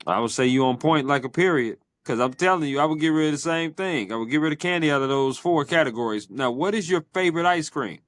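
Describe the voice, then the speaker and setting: A man hosting a podcast, asking quick either-or questions in a playful, teasing way. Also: a little high, expressive, fairly bright tone, dry recording. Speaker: podcast host. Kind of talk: casual interview chat.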